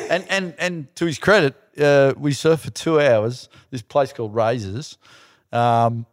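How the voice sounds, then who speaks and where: A man's voice: mid-range voice, measured pace, dry recording, clean studio sound. A middle-aged Australian man, a podcast guest, telling stories in casual chat, laughing often and swearing easily. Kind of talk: casual storytelling.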